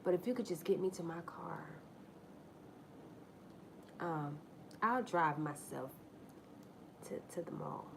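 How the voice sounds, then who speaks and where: A woman's voice: low-pitched, takes it slowly, gravelly, long pauses, noisy background. Blunt woman telling a story on a livestream. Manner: candid, profane, animated, addresses viewers directly. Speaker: livestream host.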